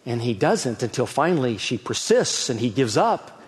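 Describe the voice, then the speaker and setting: Husky man preaching a sermon. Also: medium pitch, big pitch swings, normal speed. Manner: swings from loud emphatic preaching to soft hushed storytelling. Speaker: pastor. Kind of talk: sermon with personal story.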